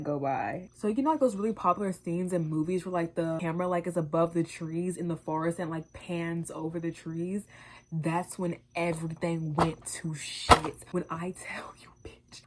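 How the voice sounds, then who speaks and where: A young woman vlogger telling a casual, animated storytime, full of swearing and acted-out quotes. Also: lowish voice, background noise. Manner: animated, profane, quoting herself in voices.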